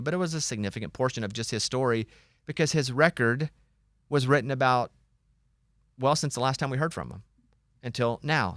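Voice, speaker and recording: Animated man telling a story, dry studio. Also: mid-range voice, no echo. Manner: animated storyteller, acts out quoted voices. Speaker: radio show host. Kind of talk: casual talk show storytelling.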